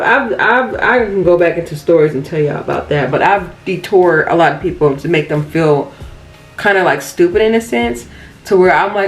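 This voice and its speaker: A young woman vlogging casually while doing her makeup, telling a story in a chatty, animated way with laughs and asides. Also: fairly low pitch, a little fast, rough recording. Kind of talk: casual get-ready-with-me storytime.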